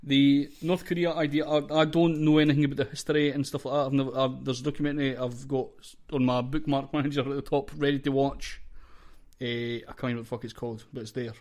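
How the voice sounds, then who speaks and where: A man's voice: mid-range voice, little pitch movement, quick pace, a little mellow. A young Scottish man co-hosting a podcast, rambling in a jokey, casual way. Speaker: podcast co-host.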